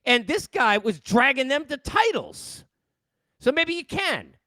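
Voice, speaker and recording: Animated New man ranting, high voice. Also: measured pace, dry recording. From New York. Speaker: podcast host. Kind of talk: solo sports rant. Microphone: headset.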